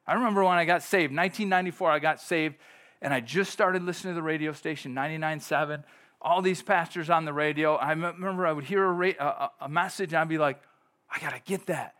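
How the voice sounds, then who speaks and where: A middle-aged man preaching a sermon in a fairly high voice. He talks to the congregation like a friend, then breaks into sudden loud bursts. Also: quick pace. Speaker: pastor.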